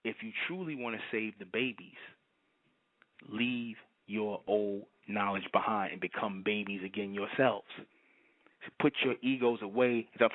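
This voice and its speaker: Man, lowish voice, emphatic preachy monologue, repeats himself, tinny phone-line sound. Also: moderate pace. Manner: emphatic, repetitive, keeps asking "you understand?". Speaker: channel host.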